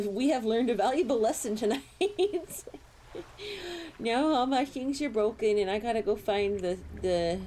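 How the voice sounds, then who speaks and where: A young adult woman streaming a game, chatting playfully with viewers, giggling and squealing as her pitch swoops up and down. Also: a little mellow, slight background noise. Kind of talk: casual live-stream game commentary.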